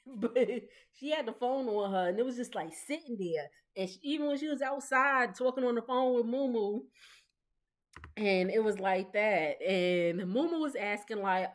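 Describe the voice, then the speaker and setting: A woman in her thirties gives a gossipy, casual recap of a reality TV episode. She talks in a loose, chatty way, laughs often and slips into quick imitations of the cast. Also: a little high, lively intonation. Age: 30s. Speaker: recap vlogger.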